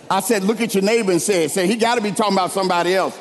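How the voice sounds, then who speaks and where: A man preaching a sermon, leading the congregation in call-and-response and building to shouted lines. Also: high voice, rapid-fire, a faint crowd. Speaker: pastor. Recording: long hall reverb.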